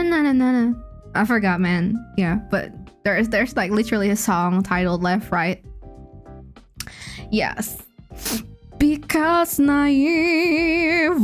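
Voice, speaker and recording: A woman's voice: fairly high pitch, animated, slow, pauses often, faint music behind. A young woman chatting casually on a stream, playful and joking, with a giggly, rambling delivery. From Indonesia. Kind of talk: casual chat.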